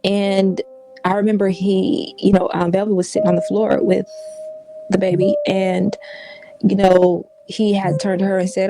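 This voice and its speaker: Interviewed woman, hesitant storytelling, gravelly voice, soft music behind. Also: medium pitch, little pitch movement, moderate pace, poor audio. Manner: hesitant, rambling. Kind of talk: interview recollection.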